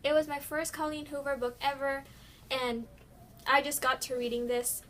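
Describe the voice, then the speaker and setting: A woman's voice: high voice, flat delivery, moderate pace, a bit bright, slight background noise. Gushing teenage girl, book vlogger. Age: teens. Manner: gushing, chatty, many fillers and restarts. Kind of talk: casual chat.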